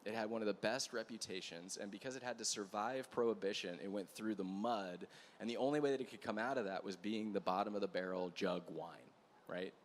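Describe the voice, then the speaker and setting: A male pastor with a slightly low voice tells a story from the pulpit, chatty and animated, stopping for asides to the room. A faint wash of background noise sits under his voice. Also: fairly quick. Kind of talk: storytelling sermon. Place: church gathering.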